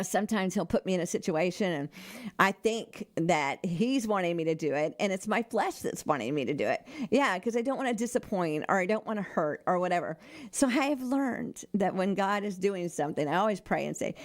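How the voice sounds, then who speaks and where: Older female radio host, mid-range voice, warm devotional chat with frequent laughs. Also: medium pitch, expressive, normal speed. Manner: chatty, laughs often, earnest.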